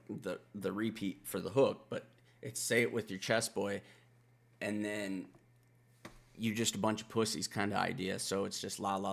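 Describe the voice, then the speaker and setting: Gravelly low-voiced man reviewing rap. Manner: rambling, profane, thinks out loud. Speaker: music reaction reviewer. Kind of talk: casual reaction commentary.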